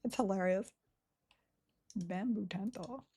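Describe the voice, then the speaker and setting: This online game streamer's voice is medium-pitched and mellow, with a breathy edge. She chats casually with viewers, reading the chat aloud and laughing often, and she talks slowly with her words blending together.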